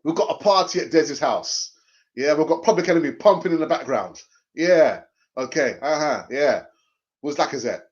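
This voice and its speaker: Animated man, lo-fi sound. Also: fairly high pitch, a little fast. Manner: animated, jokey, laughs often, repeats phrases. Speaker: fan channel host reading live chat. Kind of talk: casual live-stream chat. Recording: dull lo-fi sound.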